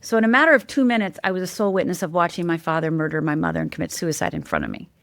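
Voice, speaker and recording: A woman's voice: fairly low pitch, big pitch swings, rapid-fire, creaky, dry recording. A middle-aged woman, a life coach and podcast guest, telling a personal story candidly and emphatically, often checking in with "right?".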